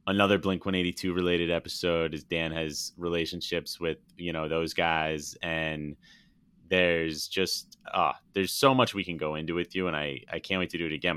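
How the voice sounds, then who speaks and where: A man's voice: deep voice, bright, forceful tone, smooth, dry recording. A man hosting a podcast, talking in enthusiastic, effusive casual chat. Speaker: podcast host.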